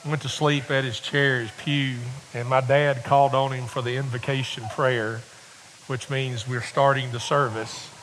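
A middle-aged preacher telling homespun stories from the pulpit, often restarting his words before pressing his point with fervour. His voice sits at a medium pitch, and a faint hiss runs under the recording. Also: level tone, unhurried, a bit bright, poor audio. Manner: folksy, rambling storyteller with many restarts, building to fervent exhortation. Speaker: visiting preacher. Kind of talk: sermon with personal storytelling.

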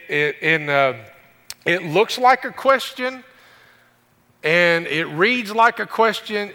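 A male pastor delivers a sermon in a bright, forceful voice, pitched a little above the usual for a man. He keeps it conversational, tossing joking asides to the congregation. The sound carries a long reverb from a big church room.

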